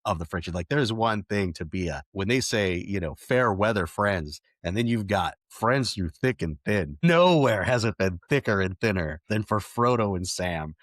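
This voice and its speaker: Man, low-pitched, earnest and enthusiastic podcast co-host, dry close sound. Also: lively intonation, moderate pace, hardly any pauses, no echo. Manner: enthusiastic, earnest storytelling with restarts. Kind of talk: casual podcast chat.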